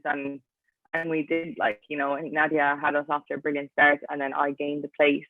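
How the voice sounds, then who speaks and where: A woman's voice: deep voice, flat delivery, brisk, no room sound. A young Irish woman in her twenties, an athlete guest chatting casually in an interview and dropping "like" into nearly every phrase. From Ireland. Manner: chatty, fills talk with "like". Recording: tinny, dry, phone-like line.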